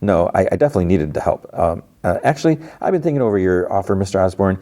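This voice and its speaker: A man's voice: sits low, animated, fast, warm tone. A man voicing a young male superhero who cracks nervous jokes, raising his voice a little above his own. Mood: eager quips. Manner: eager, flustered, joking.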